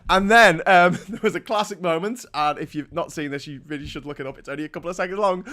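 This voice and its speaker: A man's voice: fairly high pitch, fast, pushed and bright. A man hosting a morning show, chatting in a mocking, casual way and often breaking into laughter. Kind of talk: casual satirical commentary.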